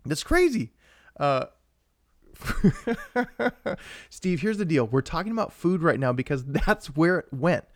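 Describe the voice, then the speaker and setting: A young man co-hosting a live-streamed podcast, chatting casually in a rambling, excitable way while he answers viewers. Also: a little high, slow pace, long pauses, no echo, studio quality. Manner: rambling and excitable, with frequent restarts and asides to viewers. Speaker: podcast co-host.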